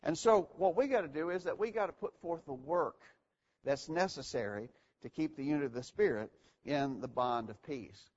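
A man teaching an evening Bible lesson to a church, earnest and repeating key phrases for emphasis. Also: medium pitch. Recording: dull lo-fi recording.

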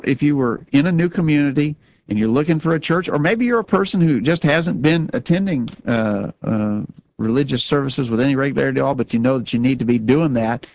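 A man's voice: medium pitch, a little mellow, highs cut off. Earnest man hosting a religious talk show. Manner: earnest, repeats words when starting sentences. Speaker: radio show co-host.

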